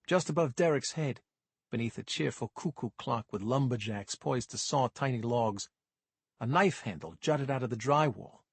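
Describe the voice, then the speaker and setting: A man's voice: mid-range voice, slightly rough, no room sound. A man narrating a first-person crime audiobook in a dry, wry manner.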